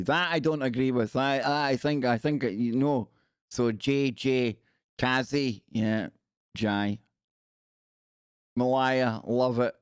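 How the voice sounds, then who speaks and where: A man's voice: medium pitch, a little mellow, smooth, dry recording, clean studio sound. A man hosting a casual live stream, reading an article aloud and chatting with viewers. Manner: chatty, reads aloud and talks to chat viewers.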